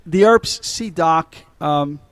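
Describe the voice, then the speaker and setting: A middle-aged man co-hosts a podcast, recapping movie scenes in a casual, laughing way and swearing often. His voice is fairly high-pitched and slow, with no room sound.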